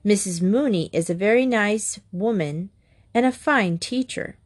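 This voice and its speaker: A woman's voice: mid-range voice, a little slow, close to an everyday voice. A woman reading aloud, voicing a proper, worried mother who scolds firmly. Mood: stern. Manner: firm, scolding. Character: worried, proper mother of a sharp-tongued boy.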